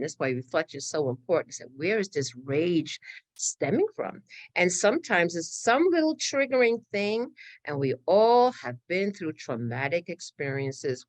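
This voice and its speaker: A woman's voice: fairly low pitch, dry recording. A middle-aged woman giving a spiritual talk, laughing often and acting out inner voices. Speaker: spiritual teacher.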